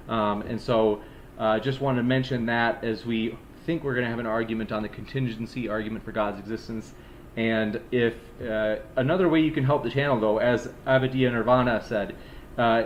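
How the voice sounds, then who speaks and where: A man's voice: medium pitch, slight background noise. Easygoing male live-stream moderator. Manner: easygoing, filler-heavy, hurried to move on. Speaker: debate moderator and channel host. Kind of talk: live-stream moderating, reading viewer donations.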